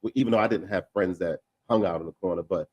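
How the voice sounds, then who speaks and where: A man talking casually in a discussion, emphatic and repeating himself, with quick asides. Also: low voice, a little mellow, no echo.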